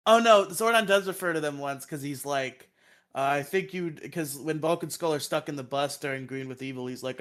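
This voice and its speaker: A man's voice: a little high, a little fast, fairly bright tone. A man co-hosting a podcast, recapping episodes casually, laughing often and acting out quotes in silly voices.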